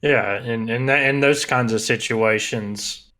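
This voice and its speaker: A man co-hosting a podcast, speaking in a measured, agreeable casual chat. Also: medium pitch, bright, forceful tone. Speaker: podcast co-host.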